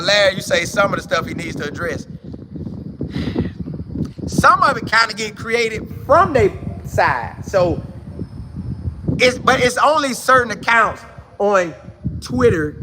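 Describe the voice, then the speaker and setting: A man hosting a sports talk show, chatting casually and answering viewer comments in a slangy, repetitive, animated way. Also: sits high, background noise.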